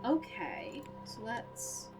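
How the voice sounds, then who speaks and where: A woman gamer giving casual gameplay commentary, chatty and self-mocking, thinking out loud as she reads clues. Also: drawn-out words, music in the background. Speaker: let's play gamer.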